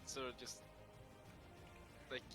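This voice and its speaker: A man's voice: extremely slow, bright, forceful tone. Man player with music behind. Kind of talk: casual banter at a game table.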